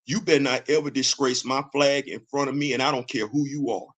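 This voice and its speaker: A man's voice: medium pitch, steady tone, a little fast, fairly bright tone. A middle-aged American man hosting a show, delivering a heated, blunt political rant. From United States. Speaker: host.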